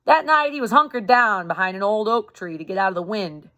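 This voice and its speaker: A woman's voice: medium pitch, expressive, a little fast, sharp tone. A woman reading a chapter book aloud to a youth group, breaking off now and then with chatty explanations. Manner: chatty, explains and rereads slips. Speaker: reader for a youth club. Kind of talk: reading a novel aloud with casual asides.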